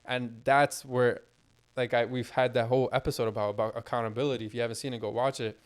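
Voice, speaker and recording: A man's voice: medium pitch, flat delivery, quick pace. A young man co-hosting a casual podcast, talking bluntly and animatedly with lots of swearing. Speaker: podcast co-host.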